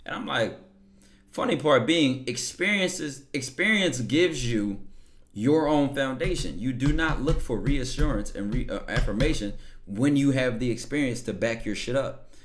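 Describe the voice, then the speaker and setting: A man's voice: mid-range voice, expressive, moderate pace. A man hosting a live stream, talking casually and rambling, often checking in with his audience. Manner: laid-back, rambling, keeps checking in with "right?". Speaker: livestream host.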